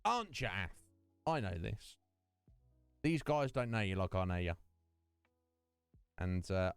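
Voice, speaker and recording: Chatty man streamer with a lively voice. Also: on the low side, a little slow, gravelly, long pauses, clean tone, dry recording, faint music behind. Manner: rambling, chatty, laughs often. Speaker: game streamer host. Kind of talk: casual live-stream chat.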